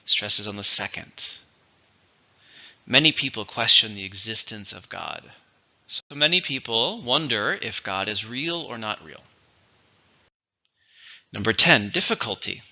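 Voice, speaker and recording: A man teaching English vocabulary, speaking slowly and deliberately and repeating each word for pronunciation. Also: on the low side, lively intonation, sharp tone, muffled recording. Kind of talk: vocabulary lesson with dictation.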